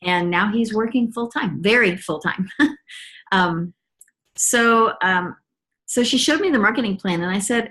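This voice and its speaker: Sharing her experience as a mother, a middle-aged woman talks earnestly and with enthusiasm, her speech full of ums and restarts. Her voice is medium in pitch, fairly bright, and unhurried.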